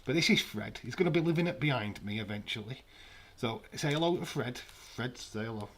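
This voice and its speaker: A man giving jokey, casual commentary on a live watch-along stream from his flat. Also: medium pitch, a little fast, slight background noise. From United Kingdom. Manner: jokey, banters with chat. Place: home, in a flat.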